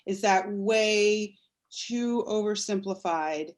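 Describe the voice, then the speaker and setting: A woman's voice: mid-range voice, takes it slowly. A woman moderating an online panel who asks careful, hedging questions from the chat.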